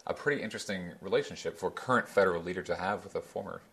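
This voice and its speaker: A man's voice: low voice, very fast, gravelly, fairly bright tone. A man hosting an interview, asking conversational, hedging questions. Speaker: host.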